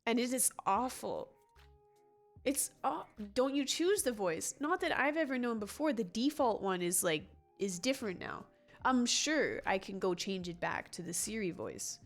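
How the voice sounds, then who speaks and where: A woman's voice: on the high side, very animated, unhurried, faint music behind. Chatty woman streamer rambling with chat. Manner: rambling, chatty, self-interrupting with frequent restarts and laughs. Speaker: gaming livestreamer reading chat. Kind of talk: casual livestream chat.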